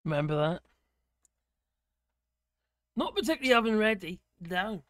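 A man hosting a livestream, chatting casually and excitably with viewers and reading the comments. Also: sits high, moderate pace, no echo, studio quality. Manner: excitable, exclaims often, rambling. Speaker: livestream host.

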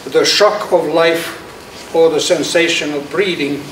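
An older man, an architect, reading a prepared lecture aloud in a slow, measured way with occasional restarts. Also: a little high, steady tone. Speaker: architect giving a symposium lecture. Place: lecture hall. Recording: echoey hall, speaker far from mic, faint hiss.

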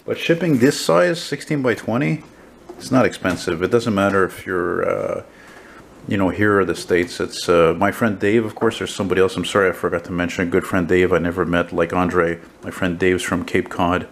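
A man with a deep, gravelly voice rambles casually to a handheld camera, full of fillers and restarts. His voice sits very low, and faint hiss and room ambience run underneath. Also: normal speed, poor audio. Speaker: painter vlogger. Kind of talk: casual handheld vlog chat. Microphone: handheld camera mic.

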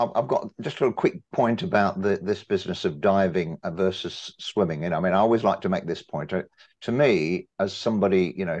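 A very deep-voiced older man makes his point from the audience, animated and emphatic as he builds up to a long question. The audio is dull and muffled, with a lo-fi feel. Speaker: audience member asking a question. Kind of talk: discussion after a talk.

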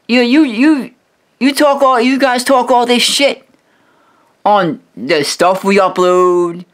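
A man on a profane, aggressive rant, voice sitting a little high for a man. He swears constantly and trips over his own words, repeating the start of a phrase several times before pushing on. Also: fairly bright tone. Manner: aggressive, swearing, repetitive stammering restarts. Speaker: video host roasting another creator.

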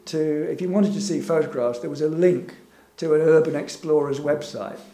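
A man's voice: a little high, fairly even intonation, moderate pace, warm tone. A man giving an informal public talk over slides, hesitant and full of fillers, with a wry, chuckling manner. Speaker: invited speaker. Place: gallery event room. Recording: echoey room with faint background hum.

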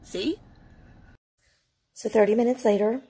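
A woman vents a long storytime from the driver's seat, swearing freely and sounding thoroughly fed up. Her voice sits a bit high and comes across bright and sharp. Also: expressive, normal speed, rough recording. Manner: profane, exasperated ranting. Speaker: vlogger. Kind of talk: casual venting storytime. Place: in a car.

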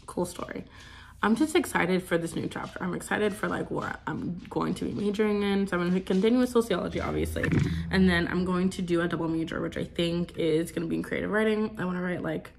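A woman's voice: lowish voice, quick pace, gravelly, a little hiss or hum. A woman in her twenties chatting casually in a vlog, rambling with many fillers and cooing to her pet. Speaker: vlogger.

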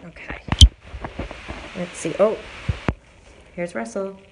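A woman giving a live tour of an animal shelter as its manager, explaining each cat plainly and then cooing at them in a high sing-song voice. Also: fairly even intonation, slow, very noisy.

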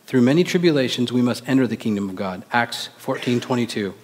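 A male pastor preaching a sermon, animated, acting out quoted voices and asking the congregation rhetorical questions. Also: medium pitch, quick pace, a little hiss or hum. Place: church sanctuary. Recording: long reverb of a church hall.

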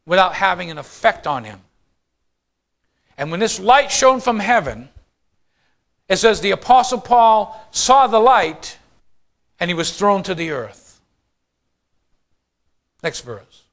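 Pastor preaching, male, high voice, swings between loud declarations and quiet asides, asks the congregation questions. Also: big pitch swings, measured pace, pauses often. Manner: addresses the congregation directly with questions. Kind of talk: sermon.

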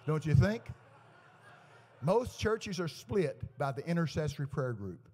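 A man's voice: mid-range voice, normal speed. A man preaching a sermon to a live congregation, telling folksy stories and acting out the dialogue in them. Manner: folksy anecdotes with lively quoted dialogue. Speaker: guest preacher. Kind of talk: storytelling sermon. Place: church service to a live congregation. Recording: echoey church hall.

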